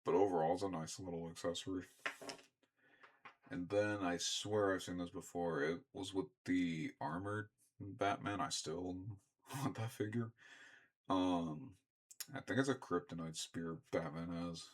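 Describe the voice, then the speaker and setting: A young man chatting casually as he unboxes and reviews action figures, rambling and often clearing his throat. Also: deep voice, expressive, unhurried. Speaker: toy reviewer.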